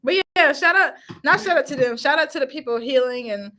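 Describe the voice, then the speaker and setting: A young woman co-hosting a casual podcast chat, bubbly and quick to laugh and give shout-outs. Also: sits high. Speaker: podcast co-host.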